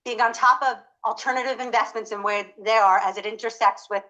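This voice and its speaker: A woman's voice: on the high side, steady tone, a little fast, pushed and bright, muffled recording. A woman in her forties speaking as a panelist at a conference, talking conversationally with frequent fillers and self-corrections.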